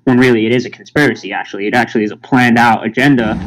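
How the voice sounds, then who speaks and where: A man's voice: mid-range voice, steady tone, racing, slight background noise, poor audio. A man in casual podcast chat, talking in an emphatic, insistent way. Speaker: podcast guest.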